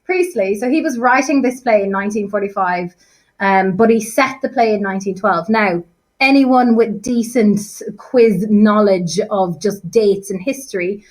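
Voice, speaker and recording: A woman's voice: medium pitch, normal speed, a little mellow, low-quality recording. Chatty woman teacher recapping a play. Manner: chatty, self-deprecating, many fillers and restarts. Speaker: English teacher. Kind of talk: casual revision lesson chat.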